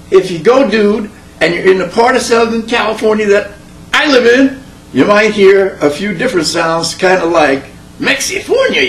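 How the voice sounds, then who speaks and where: Playful high-voiced male comedian. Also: lively intonation, normal speed, fairly bright tone. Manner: playful, chatty storytelling. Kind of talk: stand-up comedy monologue. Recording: echoey room with faint hum.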